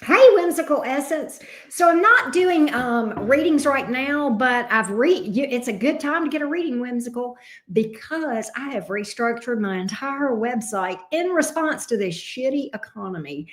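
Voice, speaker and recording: Her voice is a little high with a fairly bright tone. In her fifties, she hosts a tarot livestream and casually works through viewer comments, cursing bluntly and laughing easily along the way.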